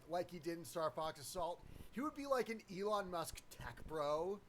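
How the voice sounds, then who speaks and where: A man's voice: on the high side, sing-song, normal speed, hardly any pauses, fairly bright tone. A man hosting a stream, chatting casually and crudely, joking with a co-host. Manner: crude, joking, breaks into silly voices.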